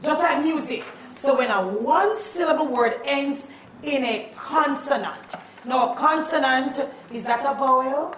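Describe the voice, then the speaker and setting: A woman teacher, leading a playful, animated spelling lesson in a classroom. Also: sits high, a little slow, a little hiss or hum. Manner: animated and playful, calls out questions. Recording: echoey classroom, mic at a distance.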